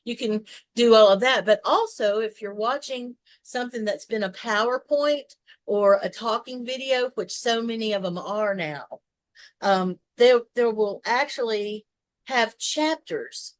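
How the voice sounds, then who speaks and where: A woman's voice: a little high, a little slow, no room sound. A woman with a Southern US accent, co-hosting a casual chat, rambling through long explanations with restarts and asides. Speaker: co-host.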